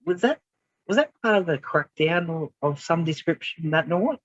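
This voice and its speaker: Male podcast host, relaxed, slightly muffled dry recording. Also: on the high side, normal speed, dry recording. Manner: relaxed, short affirmations and rambling questions. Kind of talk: casual interview.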